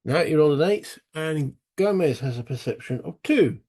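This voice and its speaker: A man's voice: on the high side, lively intonation, moderate pace, dark tone. A British man narrating a solo tabletop wargame playthrough, chatting and thinking aloud as he goes, with self-mocking asides. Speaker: solo board game player.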